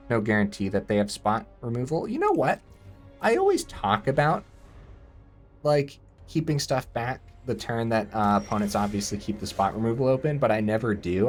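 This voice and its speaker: A man giving casual gameplay commentary, thinking aloud and breaking into excited outbursts. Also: lowish voice.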